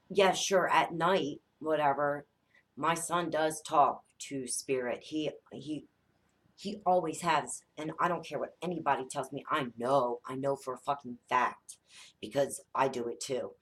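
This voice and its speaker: A woman in her thirties, a mother telling a spooky family story in a casual, animated way, swearing often and acting out the dialogue. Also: low voice, a little slow. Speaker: psychic vlogger, mother.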